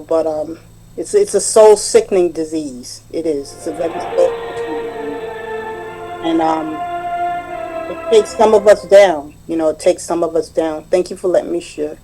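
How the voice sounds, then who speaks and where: Soft-toned woman telling a long personal story. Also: fairly low pitch, poor audio. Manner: rambling, retells conversations with many "I said". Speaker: meeting member sharing. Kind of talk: personal share at a recovery meeting. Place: meeting room, recorded online.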